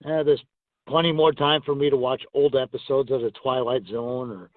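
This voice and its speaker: A man's voice: mid-range voice, steady tone, moderate pace, slight background noise. Rambling older man on a tinny phone line. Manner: rambling, chuckling anecdotes. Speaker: guest, retired pro wrestler. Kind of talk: casual phone interview storytelling.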